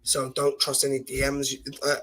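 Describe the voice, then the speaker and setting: Fast-talking husky man. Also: mid-range voice, monotone, pushed and bright. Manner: rapid, passionate, argumentative. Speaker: guest football fan pundit. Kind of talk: casual podcast debate.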